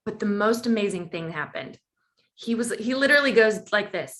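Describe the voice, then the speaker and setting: Guesting on a podcast, this woman shares a personal anecdote in an animated, brisk way, her voice slightly bright. When she quotes dialogue, she acts it out with big swings in pitch.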